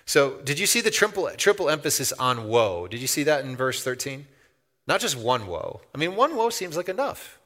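Middle-aged preacher with a bright voice in an echoing hall. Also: male voice, mid-range voice, lively intonation, moderate pace. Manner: conversational preaching that swells to loud, emphatic outbursts. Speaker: pastor. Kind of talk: sermon. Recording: long hall reverb.

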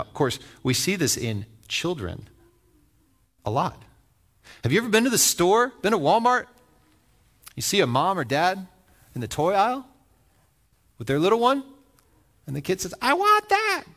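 A man's voice: mid-range voice, gravelly. A man preaching a sermon in a conversational way, telling stories, acting out the voices in them and asking his listeners questions. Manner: animated storytelling that acts out voices; conversational, asks the audience questions. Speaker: pastor.

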